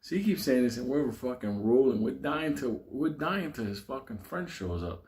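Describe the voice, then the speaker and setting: Male comic storyteller, profane, animated, chuckling through it. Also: medium pitch, moderate pace. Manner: profane, animated, laughs while telling.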